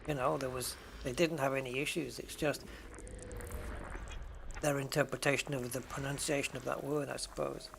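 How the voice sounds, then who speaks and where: A man's voice: mid-range voice, level tone, moderate pace, gravelly, fairly bright tone, slight background noise. A British man streaming a game, chatting casually with his viewers in a rambling way and often correcting himself. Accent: British English. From United Kingdom. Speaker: game streamer answering chat. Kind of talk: casual chat while gaming.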